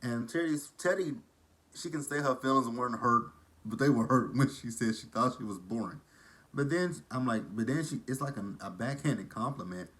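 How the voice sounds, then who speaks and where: A man's voice: medium pitch, normal speed, a bit bright. A man from Texas with a southern drawl, gossiping casually as he recaps a reality show. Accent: Texan. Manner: chatty, gossipy, shady asides.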